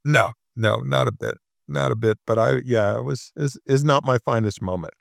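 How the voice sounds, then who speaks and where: A man's voice: mid-range voice, normal speed, gravelly, no room sound. A man in his sixties chatting casually as a co-host, telling stories about himself with dry, self-mocking humor. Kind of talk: casual chat.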